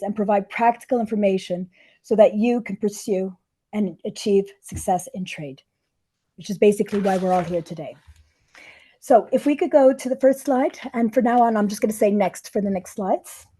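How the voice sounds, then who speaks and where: A middle-aged woman hosts a webinar through a hoarse, scratchy voice that she has nearly lost. Her tone is deeply dark and mellow, and she stays welcoming and businesslike while she guides the session. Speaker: webinar host, diplomat. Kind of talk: hosting an online webinar. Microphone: microphone.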